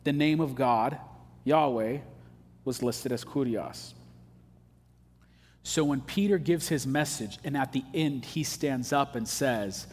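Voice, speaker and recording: Guy pastor giving a sermon, laid back but punchy, kinda high voice, big echoey church sound. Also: measured pace. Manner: casual, emphatic preaching with slang asides. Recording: long hall reverb.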